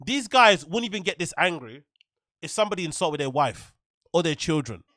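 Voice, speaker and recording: A man hosting his own stream, swearing freely and laughing as he rants. His voice is notably high for a man, recorded dry with no room sound. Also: sing-song, fairly quick, pushed and bright, no room sound. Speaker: livestream host. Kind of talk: ranting commentary.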